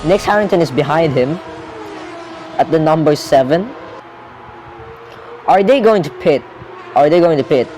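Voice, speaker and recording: A young man commentating a video game race live, rambling and correcting himself, getting excitable when cars crash out. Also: fairly high pitch, unhurried, pauses often, slight background noise, rough recording.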